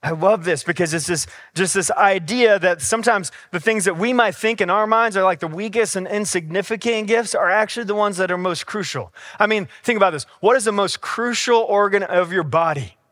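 A man's voice: high voice, fairly quick, few pauses, a bit bright, no echo, studio quality. A man preaching a casual, conversational sermon in a church, with everyday stories and acted-out dialogue. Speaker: pastor. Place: church sanctuary.

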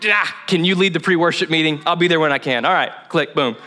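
A young male pastor preaching in a church, with a slightly high, bright voice. He tells his stories casually and jokes at his own expense, acting out the voices in them. The sermon stays loose and conversational. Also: fast. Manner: casual, joking storytelling with laughs and acted-out inner dialogue.

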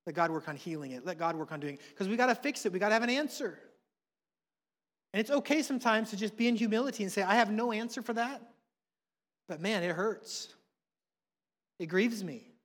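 A man, preaching a sermon with passion, swinging between hushed and loud. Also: high voice, brisk, pauses often. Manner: impassioned, swings from soft to loud. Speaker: pastor. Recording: long reverb of a large hall.

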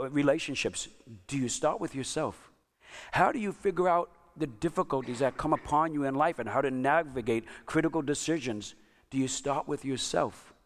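A man preaching a sermon, telling a self-mocking story and chatting with his congregation. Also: on the high side. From Italian-American. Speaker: pastor.

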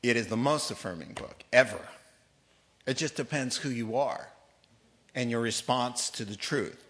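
A man's voice: mid-range voice, moderate pace, a bit bright. A man teaching a Bible study as a sermon, reading scripture aloud and joking with his listeners, laughing often. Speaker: pastor.

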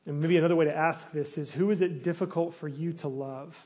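A man preaching a sermon in a relaxed, conversational way. He asks the listeners searching questions, restarts his phrases now and then, and his voice sits a little high for a man. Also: brisk. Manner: restarts and fillers, animated when acting out complaints. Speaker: pastor.

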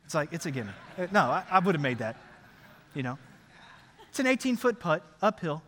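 A middle-aged man preaching a sermon, telling a story in an animated, conversational way. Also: fairly high pitch, fairly quick, long pauses. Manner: animated, conversational, acts out scenes. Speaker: pastor. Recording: long reverb of a large hall.

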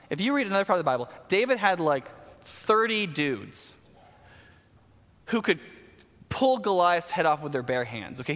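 A high-voiced man preaches a sermon, telling a Bible story with casual slang and lively energy. His voice rings through a large hall with a long reverb.

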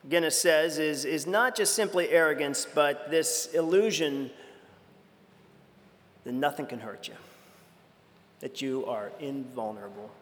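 High-voiced preacher in a reverberant hall. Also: male voice, a bit bright. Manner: conversational, with restarts and dramatic quoted voices. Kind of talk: sermon.

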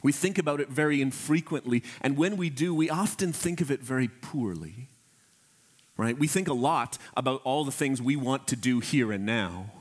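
A man preaching a sermon as pastor, earnest and emphatic, slowing down on key phrases and addressing his congregation directly. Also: mid-range voice, lively intonation.

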